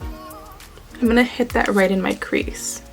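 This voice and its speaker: A woman's voice: fairly high pitch, steady tone, takes it slowly, creaky, soft background music, low-quality recording. A young woman chatting casually through a makeup tutorial, playful and talking to herself as she works. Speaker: beauty YouTuber.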